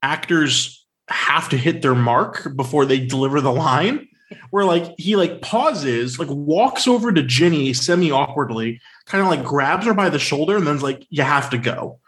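A man co-hosting a podcast in casual film talk, sarcastic and animated, with many fillers. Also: on the high side, measured pace. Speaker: podcast co-host.

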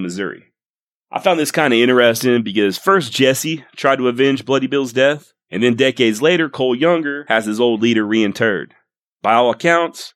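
A man hosting a history podcast, telling it casually with wry, irreverent asides and the odd curse. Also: medium pitch. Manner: wry, irreverent, swears for comic effect. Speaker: podcast host.

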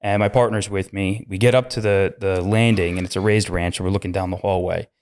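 A man with a lowish voice tells a story in a relaxed podcast chat. He talks like a detective recounting a wild call, and he breaks into sharp, higher voices when he quotes the people involved. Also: a little fast, clear, resonant tone. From United States. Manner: animated storyteller, acts out voices with sudden loud jumps. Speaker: police detective and podcast guest.

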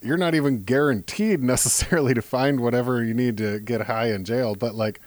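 A man hosting a podcast interview, relaxed, with short reactions and laughs. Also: mid-range voice, brisk, dry recording. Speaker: podcast host. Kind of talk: casual interview.

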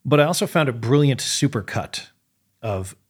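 Seorang pria pembawa podcast yang membahas film dengan gaya santai dan mengobrol, seolah berpikir sambil bicara. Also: male voice, lowish voice, moderate pace, slightly rough. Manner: relaxed, conversational, thinking aloud. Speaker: podcast host. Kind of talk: casual film talk.

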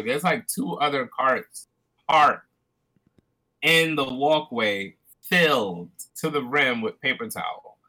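A man co-hosting a podcast, telling a story in animated casual chat. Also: medium pitch, low-quality recording. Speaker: podcast co-host.

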